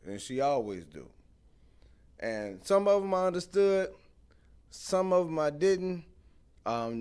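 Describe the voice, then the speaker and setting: A young man, hosting a casual live stream. His speech is animated and conversational, with a mid-range pitch, as he tells stories and calls out to viewers in the chat. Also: clean tone. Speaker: host.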